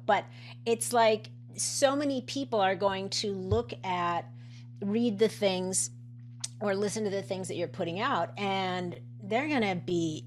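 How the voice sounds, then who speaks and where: A woman who works as a coach and nutritionist, talking casually in a conversation, with frequent fillers, restarts and laughs. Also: mid-range voice. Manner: chatty, many restarts and fillers, laughs often.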